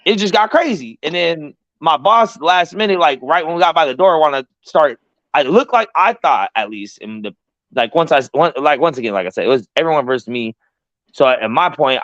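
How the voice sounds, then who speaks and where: Man, quick animated storytelling, profane, a bit high voice, dry dull recording. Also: no echo. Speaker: podcast host. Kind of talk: casual storytelling chat.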